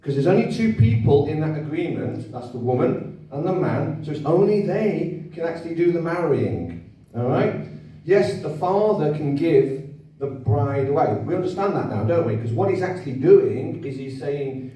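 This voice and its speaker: A man's voice: a little high, animated, moderate pace, warm tone. A man giving a conversational, repetitive talk to an audience, often asking them to agree. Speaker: speaker at a public event. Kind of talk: informal lecture to an audience. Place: hall. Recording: echoey hall, voice from far off.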